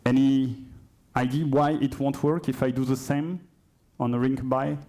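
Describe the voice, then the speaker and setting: In a conference hall, a man with a French accent gives a live coding demo, hesitating and correcting himself with chatty asides. His mid-range voice is warm, has little pitch movement and runs at normal speed.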